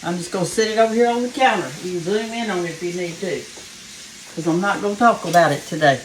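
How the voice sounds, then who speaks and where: A woman's voice: lowish voice, fast talker, slight background noise, rough recording. A Southern woman hosting a home cooking show, chatting folksily with her viewers as she cooks and sounding a little out of breath. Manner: folksy and chatty, talks straight to viewers as "y'all". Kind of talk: casual cooking demonstration. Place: home kitchen. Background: faint frying sizzle.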